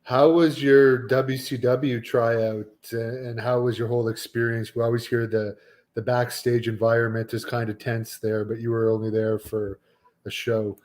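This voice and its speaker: A man's voice: mid-range voice, flat delivery, normal speed, darkish tone. A man interviewing a former wrestler, asking questions in a plain, conversational way.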